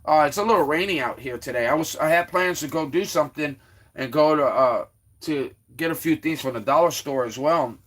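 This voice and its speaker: Man, livestream host, bright and forceful voice, rambling, lots of fillers, teases chat viewers. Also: fairly high pitch, fairly quick. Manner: rambling, with many fillers and restarts. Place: Florida.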